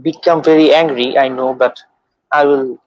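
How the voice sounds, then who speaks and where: A man's voice: mid-range voice, steady tone, moderate pace, no room sound. A male caller on a live show, speaking earnestly and gratefully and quoting verses from memory. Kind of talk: phone call to a live show. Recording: dull phone line, dry.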